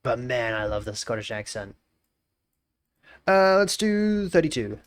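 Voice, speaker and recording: A man's voice: mid-range voice, very animated, measured pace, smooth, no echo. A young Australian man chatting casually on a live stream, musing aloud, repeating phrases and greeting viewers by name.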